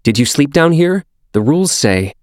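A man's voice: on the high side, big pitch swings, moderate pace, darkish tone, no room sound, clean studio sound, pitched above the performer's own voice. A man voicing a stern teenage boy in an audiobook, a commanding older brother who keeps the rules. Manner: commanding, stiff, precise.

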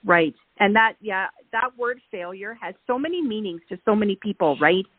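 A woman's voice: medium pitch, expressive, normal speed, husky, no echo. A middle-aged woman hosting a casual conversation, chatty and affirming, with frequent fillers. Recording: tinny call audio.

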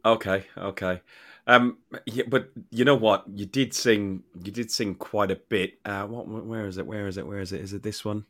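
A man's voice: on the low side, fairly even intonation, normal speed. Jokey man hosting a podcast. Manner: jokey, teasing, loud bursts. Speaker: podcast host. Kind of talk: casual podcast chat.

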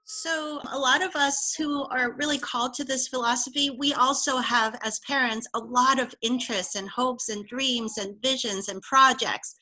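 A woman podcast host asking a considered question and stressing the items in a list. Her voice is high and bright. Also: fairly even intonation, moderate pace, hardly any pauses, poor audio. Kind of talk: podcast interview.

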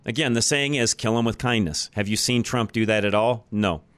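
A man's voice: on the low side, moderate pace, a bit bright, clear, resonant tone, dry recording. Blunt, emphatic male radio host. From United States. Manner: blunt, emphatic, repeats points for effect. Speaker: radio talk show host. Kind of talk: opinionated talk radio monologue. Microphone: studio microphone.

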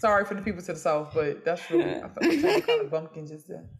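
A woman's voice: on the low side, very animated, fast talker. A young adult woman co-hosting a casual gossip podcast, talking in a blunt, opinionated and slangy way. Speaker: podcast co-host.

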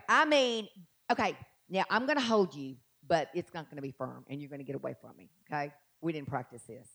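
A middle-aged woman, preaching a sermon and swinging from soft asides to loud, drawn-out emphasis. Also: mid-range voice. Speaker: pastor.

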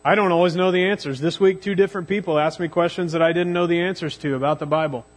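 A man preaching as youth pastor, retelling the story with drama and slowing right down on the phrases he wants to land. His speaking voice sits slightly higher than most men's. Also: steady tone. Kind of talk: sermon.

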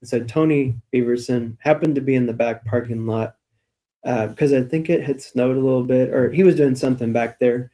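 A man co-hosting a church podcast, telling stories in a relaxed, chatty way. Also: medium pitch, brisk. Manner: chatty, storytelling, light laughs. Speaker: church staff podcast co-host. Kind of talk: casual church podcast chat.

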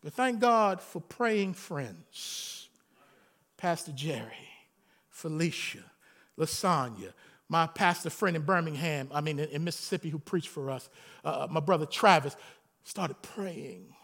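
A man, a pastor, preaching a sermon in an animated, folksy way, telling stories with humor and rising to shouts. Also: a little high, measured pace.

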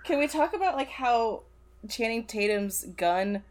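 A woman's voice: a little high, lively intonation, unhurried, heavy background noise. A woman in casual movie-review chat, giggly and incredulous, her speech full of fillers.

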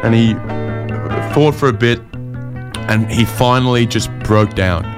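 A man's voice: medium pitch, music in the background. A man hosting a comedy chat show, telling wry stories and joking with guests. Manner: wry, storytelling, quick jokes. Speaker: host.

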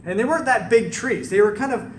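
A man preaching a conversational sermon to a live audience, telling the story in an animated way and tossing in rhetorical questions. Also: high-pitched, fast, a little hiss or hum. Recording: echoey room, distant mic, faint ambience.

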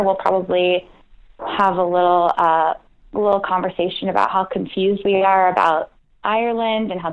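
An American woman guest on a phone interview, self-deprecating, laughing often and restarting her sentences. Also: mid-range voice. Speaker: comedian guest. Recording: tinny phone line.

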